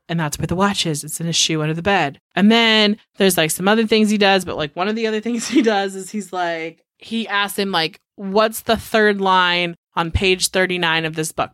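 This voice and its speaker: A woman's voice: lowish voice, normal speed, few pauses, a bit bright, dry recording, studio quality. A young adult woman co-hosting a podcast, loosely retelling a film plot with lots of fillers and swearing. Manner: loose, profane retelling full of "like". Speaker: podcast co-host. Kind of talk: casual film recap chat.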